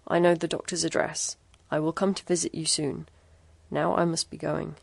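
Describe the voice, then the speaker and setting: A woman voicing a sinister, gaunt older man who talks in a hoarse, slow, falsely courteous voice. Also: little pitch movement, no echo, full character voice. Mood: oily. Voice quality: hoarse, booming.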